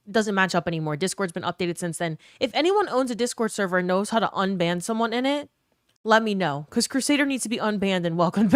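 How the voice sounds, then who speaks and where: A woman's voice: mid-range voice, a bit bright, no echo, studio quality. A young woman from New Orleans with a neutral accent, chatting casually with her live stream viewers, reading comments aloud and swearing now and then. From New Orleans, US South.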